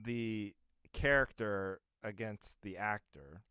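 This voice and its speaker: A man's voice: on the low side, slow pace, bright, forceful tone, clean tone, dry recording, studio quality. A man co-hosting a podcast in casual, rambling chat, full of fillers and asides. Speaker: podcast co-host.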